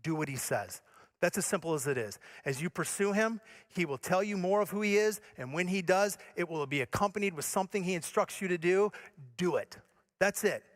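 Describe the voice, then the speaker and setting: A man from Michigan preaching to his congregation in a high, bright-edged voice. He drives his points with earnest emphasis, then drops to a soft, low, near-intimate tone to let a line land. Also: animated, a little fast. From Michigan, USA. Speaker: pastor. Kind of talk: sermon.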